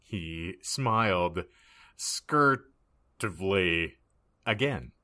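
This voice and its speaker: A man's voice: sits low, expressive, very slow, pushed and bright. A man hosting a comedy podcast, narrating a dramatic reading in a wry, mock-earnest manner.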